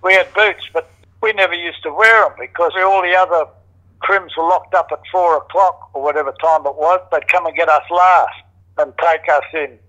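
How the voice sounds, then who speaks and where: In this dull-sounding recording, a former criminal, an older Australian man, spins casual stories during an interview. His slightly high, bright voice is forceful, with fairly even intonation at a moderate pace, and he swears freely, speaks bluntly and mimics others' voices.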